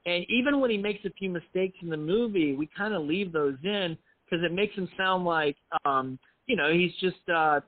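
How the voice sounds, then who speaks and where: In a casual interview, a middle-aged man who writes and directs films rambles with self-deprecating humor and frequent restarts. He speaks at a normal speed in a voice that sits high, captured dry over a tinny, phone-like line.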